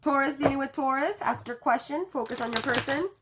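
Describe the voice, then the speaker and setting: A woman's voice: sits high, fairly quick, heavy background noise. Chatty woman giving a tarot reading. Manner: chatty, laughs often, swears casually. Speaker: tarot reader. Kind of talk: casual tarot reading to camera.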